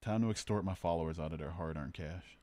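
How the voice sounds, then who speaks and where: Man, very low voice, casual streamer, argumentative, jokey. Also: quick pace, dark tone, no echo. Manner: argumentative, joking, reads chat aloud. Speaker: livestream host. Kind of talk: casual debate chat.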